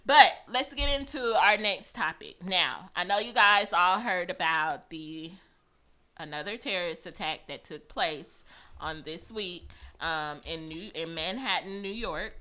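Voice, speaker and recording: Bright-voiced woman hosting radio talk. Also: lowish voice, a little slow. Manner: earnest, many "um" fillers, stumbles over names. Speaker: radio show host. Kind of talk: reading out news topics on a talk show.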